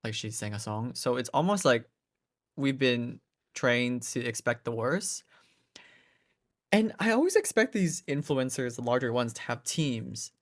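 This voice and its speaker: A man hosting a commentary video, giving his opinion in a casual, chatty way with quick asides. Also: medium pitch, expressive. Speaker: commentary host.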